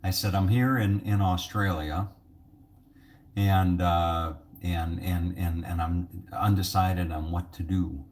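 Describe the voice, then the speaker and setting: Brief: man, low deep voice, loose rambling vlogger who pokes fun at himself. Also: fairly even intonation, takes it slowly, darkish tone, a little hiss or hum. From United States. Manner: rambling and jokey, self-mocking. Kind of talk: casual vlog monologue.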